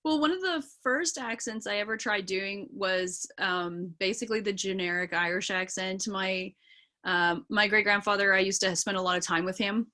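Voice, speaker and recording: A young woman from British Columbia chats as a guest on a video call. Her voice sits at an ordinary middle pitch for a woman. She rambles a little, with frequent ums and yeahs. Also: normal speed, bright, forceful tone. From British Columbia, Canada. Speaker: actor and singer as interview guest. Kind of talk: casual interview chat.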